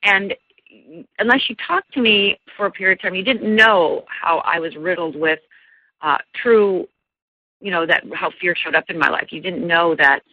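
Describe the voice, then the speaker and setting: This woman, a life coach, speaks at a normal pace in a lowish voice, earnestly sharing a personal story during an interview. She's full of fillers and restarts, and she imitates voices when she quotes people. The dry recording has a dull, lo-fi radio quality.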